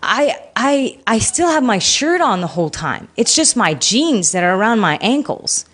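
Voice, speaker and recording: A woman's voice: on the high side, normal speed. A woman giving an interview, candidly recounting a painful personal experience with emotion. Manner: emotional, animated retelling. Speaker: interview guest.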